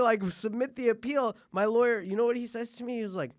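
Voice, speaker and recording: A man with a high, bright-sitting voice tells a comic anecdote, swinging into other people's voices as he goes. The sound is dry and close on the mic. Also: brisk, few pauses, dry recording. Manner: animated, acts out voices in anecdotes. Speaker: podcast host. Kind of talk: comedic storytelling.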